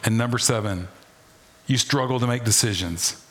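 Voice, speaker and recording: A middle-aged man preaching a sermon as pastor, folksy and animated, with playful asides and humor. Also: medium pitch, normal speed.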